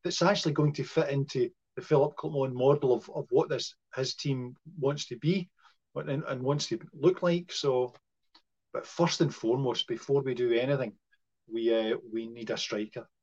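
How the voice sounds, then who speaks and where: A man talks football on a podcast in an easy chat. He stops and restarts often and leans on fillers as he thinks aloud. The recording sounds muffled and lo-fi, and his pitch sits in the middle. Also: steady tone, moderate pace, darkish tone. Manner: hesitant, lots of fillers and restarts. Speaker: podcast co-host. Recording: muffled lo-fi audio.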